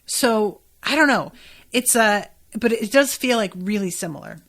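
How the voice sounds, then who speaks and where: A woman talks through an episode in a loose, conversational recap. Her delivery wanders, full of filler words and quick asides, like a friend thinking out loud. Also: a little high, animated. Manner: chatty, rambling, many filler likes. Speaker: podcast host.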